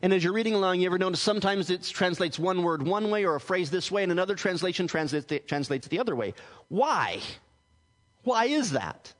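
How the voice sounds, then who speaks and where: A man with a higher-pitched voice preaches a teaching sermon as a pastor, explaining things earnestly and frequently breaking off to restart words. His intonation is lively and his pace a little fast. A long reverb suggests the recording was made in a church hall.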